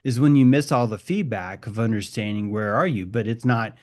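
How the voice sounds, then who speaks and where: A man's voice: lowish voice, fairly quick, darkish tone. A man leading a reflective group discussion, rambling and musing, often restarting and swearing casually.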